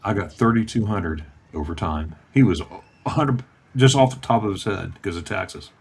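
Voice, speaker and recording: A man's voice: low-pitched, moderate pace, vocal fry, darkish tone, breathy edge. A man in his fifties from Florida, telling a personal story in a casual chat and acting out the voices of the people in it. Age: 50s. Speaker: guest.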